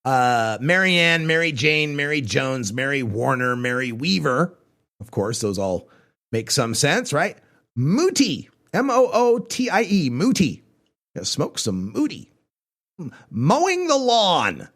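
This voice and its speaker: A man's voice: a little high, very animated, unhurried, a bit bright. Older joking male talk radio host. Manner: wry, joking, chuckling asides.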